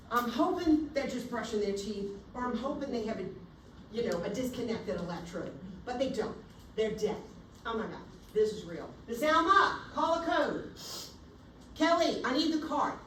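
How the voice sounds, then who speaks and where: A woman nursing instructor lectures with theatrical flair and acts out scenes at the bedside. Her voice carries through an echoey room and comes from a distance. A faint hum of the room sits behind her. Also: mid-range voice. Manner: animated, theatrical, acts out scenarios. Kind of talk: classroom lecture. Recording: echoey room, recorded from afar.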